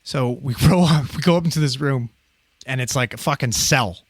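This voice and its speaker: A man in his thirties telling a story on a podcast in a casual, profane, animated way, often laughing. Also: mid-range voice, moderate pace, dry recording.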